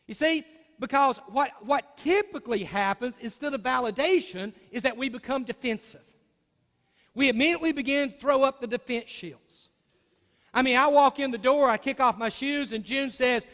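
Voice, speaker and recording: A man's voice: very high voice, a bit bright. A man preaching a sermon, telling folksy stories and acting out the voices of the people in them. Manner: folksy storytelling, acts out quoted voices. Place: church hall. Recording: long church reverb.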